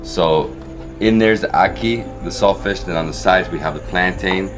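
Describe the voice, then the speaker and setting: A man with a very low voice tries dish after dish and reacts with eager delight. Light music plays faintly behind him. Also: normal speed. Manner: enthusiastic, reacts to each bite. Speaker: visiting food vlogger. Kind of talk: casual food tasting chat.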